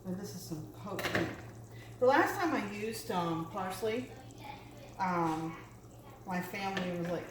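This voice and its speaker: A woman's voice: mid-range voice, animated, unhurried, long pauses. Chatty woman cooking in a roomy kitchen. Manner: chatty, full of fillers and asides. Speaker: home cook vlogger. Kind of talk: casual cooking chat. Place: home kitchen. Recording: roomy kitchen with loud background noise.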